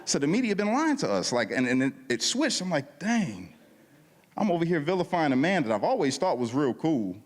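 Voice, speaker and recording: A man's voice: a little high, big pitch swings, fairly quick. A man giving a casual, slangy testimony at a church service, telling his story with lots of animation and acting out the dialogue. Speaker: guest speaker at a church service. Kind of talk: testimony talk. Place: church hall. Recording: long hall reverb.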